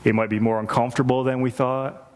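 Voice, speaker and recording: A man's voice: mid-range voice, flat delivery, fairly quick, clear, resonant tone. A man preaching a sermon, earnest and repeating phrases for emphasis. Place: church sanctuary. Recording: reverberant church hall.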